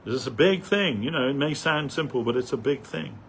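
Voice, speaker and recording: A man giving an earnest devotional sermon at a festival, pausing often with "uh" as he searches for words. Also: mid-range voice, animated, creaky, a bit bright, slight background noise. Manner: earnest, halting, many "uh" pauses.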